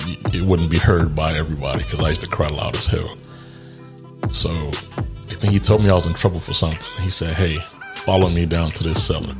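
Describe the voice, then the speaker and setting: A man telling a personal story in a candid, reflective way, laughing often and swearing casually as he works through grief. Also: low-pitched. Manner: reflective and grieving.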